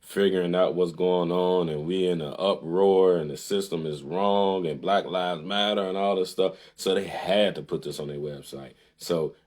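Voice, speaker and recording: A man giving a sarcastic, heated commentary, reading from a website and pushing back on it. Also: a little mellow. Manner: sarcastic, heated, rising to high outbursts. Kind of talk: casual monologue reading and critiquing a website.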